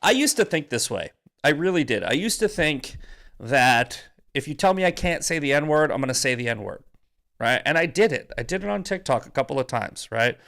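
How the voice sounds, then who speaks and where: Male co-host, casual political chat, slightly high voice, crude, excitable. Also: normal speed, creaky. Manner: animated, crude, laughs often. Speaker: podcast co-host.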